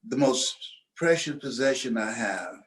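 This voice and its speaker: As an interview guest, an older man from the United States shares a motivational story, deliberately slowing when he hits the important phrases. He has an expressive, mid-range voice, heard through a low-quality recording.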